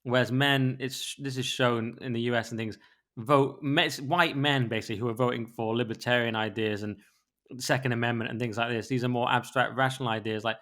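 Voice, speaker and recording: British man, podcast co-host, fast pace, bright forceful tone, casual opinionated chat. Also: medium pitch. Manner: fast, animated, acts out voices of others.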